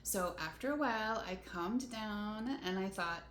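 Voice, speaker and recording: Bright-voiced woman telling a rambling vlog story. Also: mid-range voice, animated, measured pace, slight background noise. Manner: rambling, full of "like" and "you know", laughing between frustrations. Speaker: van life vlogger. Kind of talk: casual storytelling to camera. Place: motel room. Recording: roomy echo.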